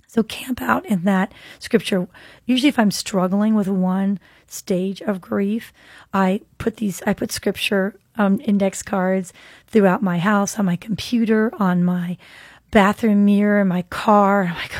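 A woman hosting a podcast, giving an earnest, reflective talk on trauma and grief and reading scripture slowly. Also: mid-range voice, fairly even intonation, a little mellow, husky, no echo, clean studio sound. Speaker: podcast host and counselor. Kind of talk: faith-based teaching monologue.

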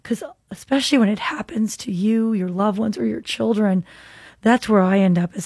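A woman hosting a podcast, giving an earnest, reflective talk on trauma and grief and reading scripture slowly. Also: mid-range voice, darkish tone, breathy edge, no echo, studio quality. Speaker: podcast host and counselor. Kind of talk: faith-based teaching monologue.

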